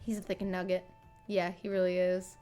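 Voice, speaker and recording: A woman's voice: fairly low pitch, flat delivery, normal speed, mellow, soft background music. A woman in her thirties chatting casually and fondly on a home livestream, bubbly and talkative. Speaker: streamer.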